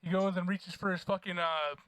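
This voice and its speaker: A young man co-hosting a podcast, telling profane, animated stories in casual chat. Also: high voice, fairly quick, clean tone, no echo. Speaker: podcast co-host.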